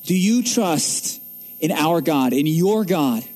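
A man's voice: on the high side, expressive, slow pace, darkish tone, faint music behind. A man pastor preaching a sermon, emphatic and asking the congregation rhetorical questions.

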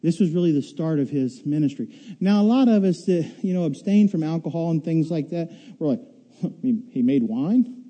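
A man delivering a sermon with a high, clearly raised voice and a very mellow, soft tone. He tells stories animatedly and acts out voices, then eases into a quiet, low delivery to make his point. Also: brisk, few pauses. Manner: animated storytelling, acts out riders' shouts and screams. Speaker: pastor.

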